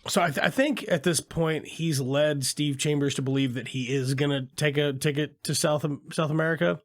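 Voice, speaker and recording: A man with a fairly high voice recaps a movie on a casual podcast. He talks fast, swears a lot, and acts out lines from the scenes in quick bursts. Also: steady tone. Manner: retells scenes with quick acted-out quotes, swears freely. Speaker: podcast co-host.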